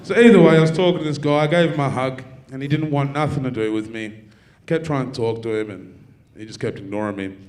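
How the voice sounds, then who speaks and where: A man with an Australian accent doing a stand-up comedy set, telling dark stories in a profane, deadpan way. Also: medium pitch, fairly quick. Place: university theatre with live audience.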